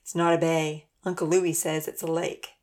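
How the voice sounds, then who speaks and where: A woman's voice: low-pitched, level tone, normal speed, darkish tone. A woman voicing Charlie, an earnest, matter-of-fact young boy in a storybook.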